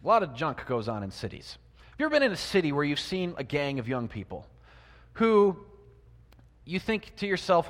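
Male preacher with a fairly high voice, sermon delivery full of rhetorical questions and loud-to-quiet swings, long hall reverb. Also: expressive, brisk. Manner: asks the congregation many rhetorical questions; swings between loud emphasis and quiet asides.

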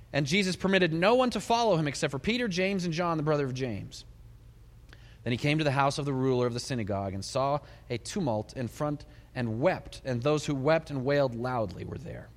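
A middle-aged male pastor preaching a sermon in a large hall, his voice ringing with a long reverb. He tells the story in an animated way, his pitch swinging widely, with soft laughs between lines. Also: a little fast.

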